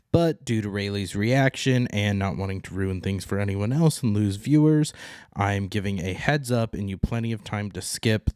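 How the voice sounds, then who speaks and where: A man's voice: on the low side, a little mellow, clear, resonant tone, dry recording, studio quality. A man co-hosting a podcast in casual chat, blunt and profane, laughing often. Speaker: podcast co-host.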